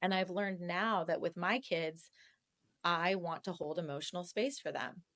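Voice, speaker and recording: A woman guest on a podcast, telling candid personal stories in an animated, conversational way and laughing often. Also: lowish voice, a little slow. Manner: animated, laughs often, acts out quoted voices. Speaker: real estate agent, podcast guest.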